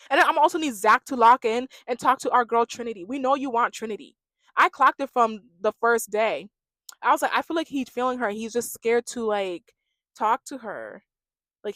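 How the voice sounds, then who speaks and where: A woman giving a gossipy, animated recap of a reality dating show, imitating the cast as she goes. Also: a little high, no echo. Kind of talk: casual reaction commentary.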